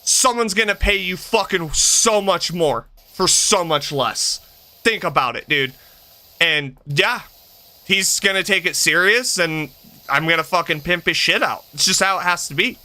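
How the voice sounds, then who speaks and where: A man in his thirties with a high-sitting voice talks a little slowly while hosting a game stream. His easygoing chat is animated, sprinkled with curses, stories and plenty of laughs.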